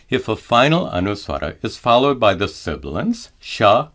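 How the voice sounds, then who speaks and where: A man teaching Vedic pronunciation in a measured, scripted lesson, chanting his examples slowly and drawn out. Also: on the low side, sing-song, fairly bright tone. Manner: slow and deliberate, chants examples in drawn-out tones.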